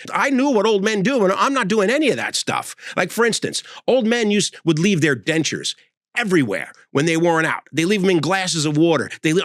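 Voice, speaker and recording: A man in his sixties giving a sarcastic, animated comedic monologue as host. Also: on the high side, dry recording. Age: 60s.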